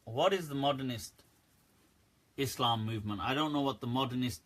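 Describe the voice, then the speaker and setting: A man, an Islamic scholar, answering viewer questions on a live stream in a candid, animated way, laughing often. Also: medium pitch, normal speed.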